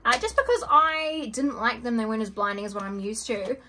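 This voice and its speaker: A woman's voice: fairly high pitch, a little fast, slight background noise. Gushing young woman unboxing makeup. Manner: gushing, excitable, frequent gasps and soft whispers. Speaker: beauty vlogger. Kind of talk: casual unboxing chat.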